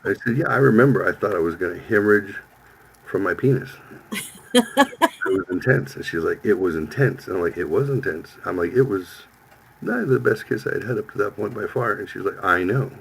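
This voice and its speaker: A husky, creaky male voice sitting on the low side, delivered briskly over a rough recording. He's a podcast host in his fifties, casually telling a profane story and animatedly acting out the lines of the people involved.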